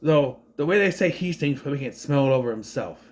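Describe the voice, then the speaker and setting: A man giving a casual, profane movie review rant in an exasperated, animated way. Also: mid-range voice, fast.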